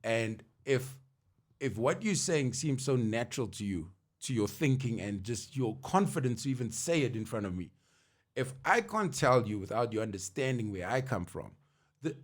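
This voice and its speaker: A man co-hosting a podcast in casual chat, telling personal stories in a lively way and laughing often. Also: mid-range voice. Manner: animated storyteller, laughs often. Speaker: podcast co-host.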